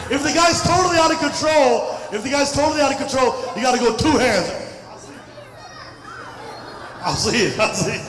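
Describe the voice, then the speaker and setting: A male stand-up comedian doing loud, animated crowd work. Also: very high voice, fast talker, noisy background. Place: large crowded festival hall. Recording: echoey hall, far from the mic.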